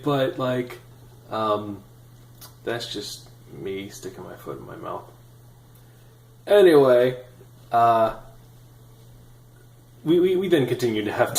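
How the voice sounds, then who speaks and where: A man in his thirties telling a personal story in a casual, animated, self-deprecating way with many fillers. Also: fairly low pitch, vocal fry, roomy sound, rough recording. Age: 30s. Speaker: vlogger.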